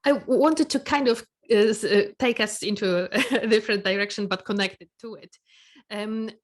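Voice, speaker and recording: A woman co-host asking a question with many pauses and restarts. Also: medium pitch. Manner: hesitant, many fillers and restarts. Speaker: podcast co-host. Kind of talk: academic interview.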